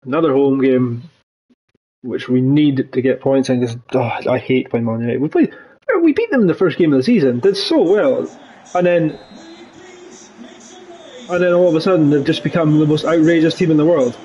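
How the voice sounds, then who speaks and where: A man's voice: a little high, animated, moderate pace, long pauses, warm tone, husky, lo-fi sound. A young man commentating his football video game, ranting and swearing at the play. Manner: swears a lot, rants, voice jumps up when angry. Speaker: gaming channel host. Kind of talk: frustrated gameplay commentary.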